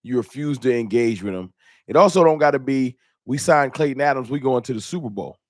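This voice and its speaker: A man's voice: mid-range voice, lively intonation, a little fast, no room sound, studio quality. A man hosting a live fan talk stream in a casual, slangy way, greeting viewers by name.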